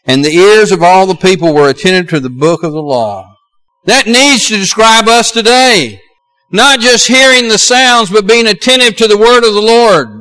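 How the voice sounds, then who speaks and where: A man's voice: high-pitched, expressive, normal speed, pushed and bright, rough recording. A middle-aged man with a Southern US accent preaching a sermon as pastor, earnest and building to emphatic exhortations.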